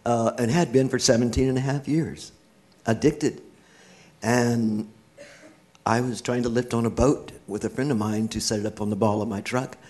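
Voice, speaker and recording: A man's voice: medium pitch, steady tone, moderate pace, darkish tone. A middle-aged man, a guest in an interview, telling his own life story with earnest feeling and a laugh now and then. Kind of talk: personal testimony in church.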